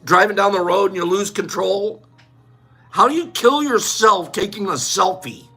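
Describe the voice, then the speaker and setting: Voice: medium pitch, moderate pace, vocal fry, pushed and bright, breathy edge, faint music behind. A livestream host in casual chat, playful and teasing, calling out chatters by name.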